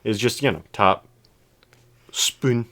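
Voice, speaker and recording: A man's voice: mid-range voice, slow pace, a bit bright. A young man co-hosting a podcast, telling a long story in casual chat with lots of restarts and fillers. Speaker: podcast co-host.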